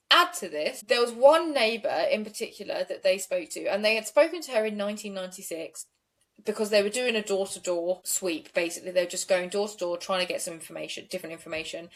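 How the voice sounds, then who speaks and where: A woman's voice: mid-range voice, fairly bright tone. A woman co-hosting a true crime podcast, retelling a case in a conversational way with fillers. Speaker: podcast co-host.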